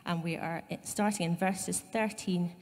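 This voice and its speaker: A woman's voice: lowish voice, fairly even intonation, measured pace, a little mellow, in a large hall. A woman pastor with a Scottish accent giving a conversational sermon, with asides to her congregation. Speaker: site pastor. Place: church.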